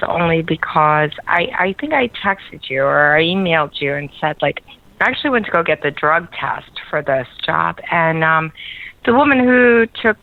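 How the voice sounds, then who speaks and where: A woman rings in to a radio show over a thin, dry phone line. Her voice sits a little low with a gravelly fry. She rambles, hesitates and laughs often as she talks. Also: dry recording. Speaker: caller. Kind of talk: call-in radio chat. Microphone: telephone.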